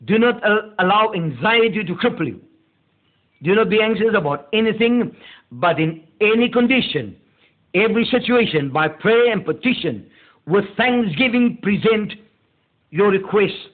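A male pastor delivering a meditative sermon, slow and deliberate, leaning hard on key words. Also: high-pitched. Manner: slow, deliberate preaching with drawn-out emphasis. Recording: tinny phone-like audio.

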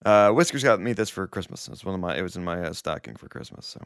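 A man's voice: low-pitched, very animated, quick pace, vocal fry, no echo, clean studio sound. A man hosting a casual beer podcast, joking with friends and reading out news items. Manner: jokey, reads news items aloud. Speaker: podcast host.

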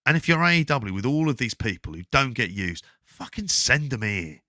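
A man co-hosting a casual wrestling podcast, talking in a sweary, rambling, animated way. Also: mid-range voice, moderate pace, no room sound, studio quality. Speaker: podcast co-host.

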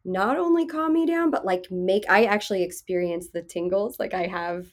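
A woman in her thirties hosts a casual podcast chat in a soft, soothing voice. She speaks frankly, swears freely and laughs often, at a medium pitch. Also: moderate pace. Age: 30s. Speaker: podcast host.

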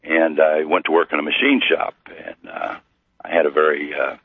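A middle-aged man from Missouri, a guest telling his story slowly with many pauses and fillers. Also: rumbling low, sing-song, gravelly, slightly rough, no room sound. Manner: slow, halting with many fillers. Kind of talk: storytelling interview. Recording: tinny phone-like radio line.

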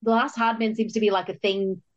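Female podcast host, mid-pitched, slightly muffled audio, easy chatty talk. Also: fairly even intonation. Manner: chatty, quick agreeing interjections. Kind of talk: casual film podcast chat.

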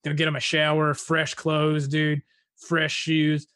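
A man's voice: a little high, completely flat delivery, slow, fairly bright tone. A young man hosting a podcast, rambling casually and filling his talk with "like" and "dude". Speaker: podcast host.

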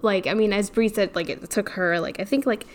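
A woman's voice: mid-range voice, fairly quick, slight background noise. Chatty woman full of filler words. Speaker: podcast co-host. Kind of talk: casual chat.

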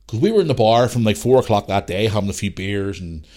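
A Northern Irish man in his forties tells a rambling personal story on his podcast. His voice sits fairly low, and he talks casually, with curses scattered throughout. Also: animated, fast talker, darkish tone. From Northern Ireland. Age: 40s. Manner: swears freely, rambling anecdotal. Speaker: podcast host.

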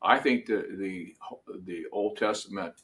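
A male preacher delivers a sermon in a slightly low voice. He speaks very slowly and deliberately. He lifts his voice for emphasis as he reads scripture. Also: a bit bright. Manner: slow, deliberate, rising with emphasis when reading scripture.

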